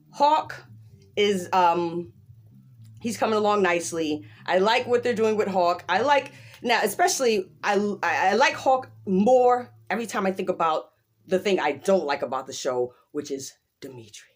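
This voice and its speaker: A woman talking casually through a show recap, with a mid-range voice. She is animated and emphatic, slipping into quick quoted voices and laughing often. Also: medium pitch. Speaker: show reviewer.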